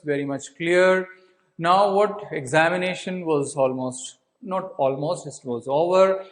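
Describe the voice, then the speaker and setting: The recording is rough, and the man's voice is fairly high, with an Indian English accent. As he explains a textbook story to his class, he questions and answers himself, goes back over points, and fills pauses with "uh" and "so."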